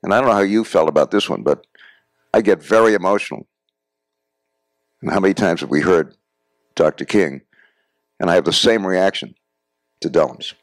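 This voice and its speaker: An older guest speaker from the United States talks to a class in a classroom or lecture hall, telling personal anecdotes and often calling the audience "folks." His voice sits low, his pace is moderate with long pauses, and there's no room sound.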